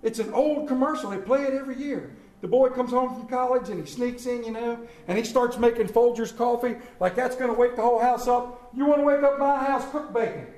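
A man preaching an Easter sermon in a folksy way, swinging between loud calls to the congregation and quiet asides. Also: very high voice, fairly quick, hardly any pauses. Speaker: pastor. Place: church sanctuary. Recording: echoey church room.

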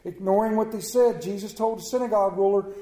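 A man with a fairly high yet mellow voice preaches a sermon, emphatic and folksy, leaning on rhetorical questions and repeated phrases. His voice rings through an echoey church room. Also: fast talker. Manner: folksy, plain-spoken asides.

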